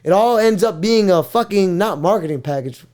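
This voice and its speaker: A man hosting a podcast in casual chat, talking in an animated, slangy way with lots of swearing and laughter. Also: high-pitched, moderate pace. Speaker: podcast host.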